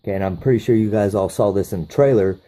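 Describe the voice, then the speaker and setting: A man's voice: fairly low pitch, fast talker, warm tone. A man reviewing a movie, recapping the plot casually with profane enthusiasm.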